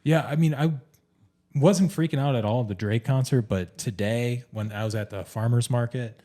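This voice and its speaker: A man's voice: mid-range voice, normal speed, mellow. A man in his thirties co-hosting a podcast, talking in a laid-back way full of "like" fillers. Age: 30s. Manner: easygoing, lots of "like" fillers. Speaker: podcast co-host. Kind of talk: casual chat.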